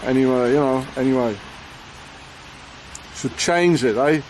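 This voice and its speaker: A man's voice: mid-range voice, unhurried, a little mellow, a little hiss or hum. Ranting man outdoors in the rain. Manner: angry, rambling, swears, fills with "you know" and "eh?". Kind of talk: rambling outdoor rant to camera.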